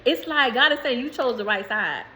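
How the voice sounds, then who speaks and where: Bright-voiced emphatic woman. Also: a little high, animated, brisk, slight background noise, poor audio. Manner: emphatic, rambling, swears freely. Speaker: spiritual reader. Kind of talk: casual spiritual message to viewers.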